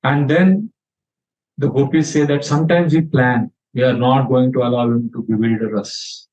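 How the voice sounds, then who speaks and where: A man's voice: medium pitch, moderate pace. Man telling scripture stories. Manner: animated storytelling, acting out quotes. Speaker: spiritual teacher. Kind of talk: scripture lecture with storytelling. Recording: dull lo-fi sound.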